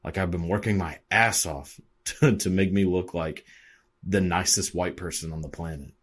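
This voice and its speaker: Guy doing a grumpy older movie star voice, low and husky, fed up, kinda muttering. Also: steady tone, normal speed. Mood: exasperated. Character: exasperated older male film star, fed up.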